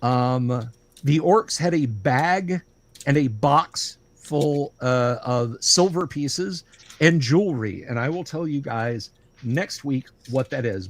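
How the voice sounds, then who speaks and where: A man running a tabletop game as game master on a livestream, talking in a relaxed, rambling way full of ums and uhs. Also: medium pitch, takes it slowly.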